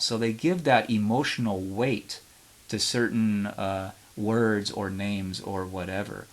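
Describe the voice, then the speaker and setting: A man teaching how to run interviews in an informal, conversational lecture, often pausing on fillers and restarting his sentences. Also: on the low side. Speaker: history professor.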